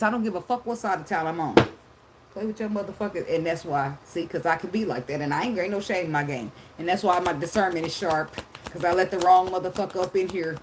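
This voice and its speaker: A woman's voice: lowish voice, quick pace, noisy background. Blunt, profane woman tarot reader. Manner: blunt, profane, laughs often. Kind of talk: casual unscripted monologue.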